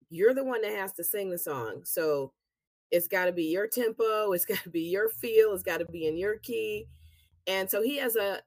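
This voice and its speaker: Lowish-voiced woman chatting as a guest, tells stories animated, dry close sound. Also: no echo. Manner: chatty, animated storytelling with laughs. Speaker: guest, singer and actress. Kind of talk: casual interview chat.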